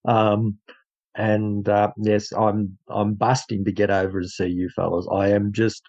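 An Australian man with a low, gravelly, husky voice. He talks earnestly and haltingly about his faith, and the sound comes through a dull, muffled online call. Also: little pitch movement, darkish tone. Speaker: guest speaker in an online faith group. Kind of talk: casual faith testimony.

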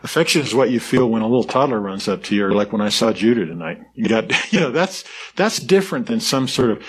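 A man's voice: fairly low pitch, expressive, fast, breathy edge. A man pastor giving an earnest, conversational sermon, often restarting his sentences. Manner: conversational and earnest, with frequent restarts and soft laughs.

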